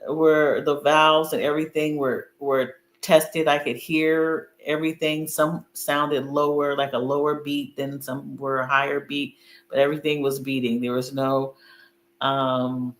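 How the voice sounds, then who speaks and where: A woman's voice: low-pitched, level tone, a little slow. A middle-aged woman chatting casually on a video call, telling a story with lots of fillers and laughter. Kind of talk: casual chat. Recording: echoey room with faint hum.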